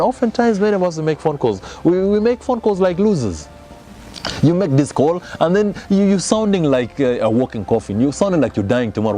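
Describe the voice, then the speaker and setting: A sales trainer with a medium-pitched, dark-toned voice delivers a motivational sales lesson. He speaks emphatically, repeats his key phrases, and talks straight to the audience.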